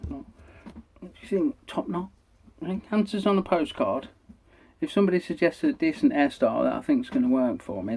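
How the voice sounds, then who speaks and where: A middle-aged British man hosts a casual review vlog. He talks in a chatty, enthusiastic way and swears freely as he goes. His voice sits at an ordinary middle pitch. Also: darkish tone. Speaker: vape reviewer.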